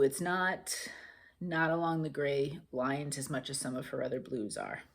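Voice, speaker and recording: A woman casually chatting to camera in a rambling, grateful way, often laughing. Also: on the low side. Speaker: cross stitch vlogger.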